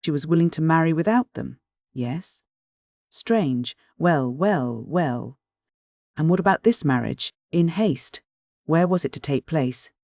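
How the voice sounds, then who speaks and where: An audiobook reader narrating a classic novel in a measured, even manner. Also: mid-range voice, dry recording, studio quality.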